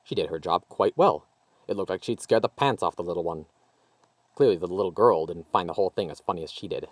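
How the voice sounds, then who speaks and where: A man reading his own fantasy story aloud with expressive narration. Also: low-pitched, a little fast, dry recording.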